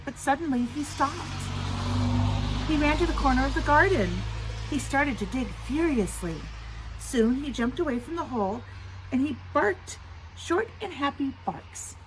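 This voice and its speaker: A woman teacher reading a picture book aloud to young children outdoors in the rain, in an expressive, sing-song storytelling manner. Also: high-pitched, low-quality recording. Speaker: preschool teacher. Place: outdoors in the rain near a road. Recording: traffic noise from passing trucks.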